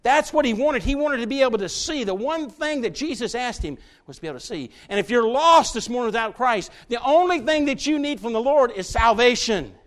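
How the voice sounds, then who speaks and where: A man preaching a sermon to his church, folksy and direct with the congregation, often building to loud, fervent stretches. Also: extremely high pitch, expressive, a little fast, hardly any pauses. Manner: folksy, talks straight to the congregation, builds to shouts.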